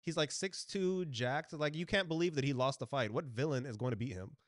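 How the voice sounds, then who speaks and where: A man co-hosting a casual podcast chat, blunt and profane, swinging from loud outbursts to mumbled asides. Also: medium pitch, fairly quick, no echo, clean studio sound. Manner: blunt, swears freely, jumps between loud bursts and mumbled asides. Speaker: podcast co-host.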